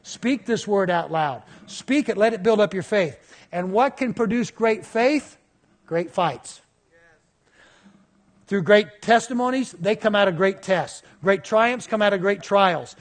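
High-voiced storytelling preacher man. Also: measured pace. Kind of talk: sermon storytelling.

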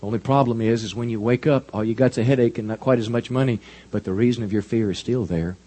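A man preaching a sermon in an animated, folksy storytelling manner. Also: mid-range voice, quick pace. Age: 50s. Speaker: pastor.

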